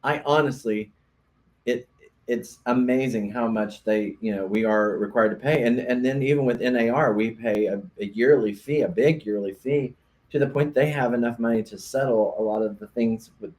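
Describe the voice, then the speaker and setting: A man's voice: medium pitch, moderate pace, darkish tone. Earnest realtor man explaining on a podcast. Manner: earnest, explanatory, with stammered restarts. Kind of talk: casual chat.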